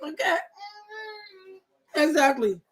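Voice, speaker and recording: A woman's voice: high-pitched, lively intonation, slow pace, a little hiss or hum. A woman, ranting about celebrity gossip in a sassy, blunt, profane and mocking way. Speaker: commentator reacting to celebrity gossip. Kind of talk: casual rant.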